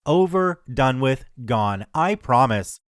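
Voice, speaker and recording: A man voicing a big, gentle man who talks softly and calmly. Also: medium pitch, takes it slowly, clear, resonant tone, dry recording, studio quality, pitched below the performer's own voice. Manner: soft, calm, soothing.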